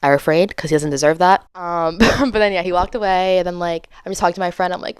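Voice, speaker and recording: A young woman hosting a podcast, telling a dating story in a casual, animated way and acting out her own and others' lines with playful voices. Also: lowish voice, fast talker, hardly any pauses, clean tone, no room sound, clean studio sound. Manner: animated, dramatic, acts out quotes with exaggerated voices. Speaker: podcast host.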